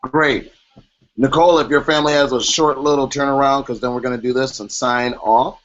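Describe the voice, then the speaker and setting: A man's voice: mid-range voice, fairly even intonation, a little fast, fairly bright tone. A man moderating an online panel in a casual, chatty way, joking and laughing often. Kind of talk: casual video-call chat. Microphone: video call. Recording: dull lo-fi video call audio.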